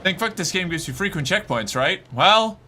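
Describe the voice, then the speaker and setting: A man streaming a game, giving anxious commentary, swearing and talking himself calm with repeated phrases. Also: high voice, moderate pace, a little hiss or hum. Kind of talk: gameplay commentary.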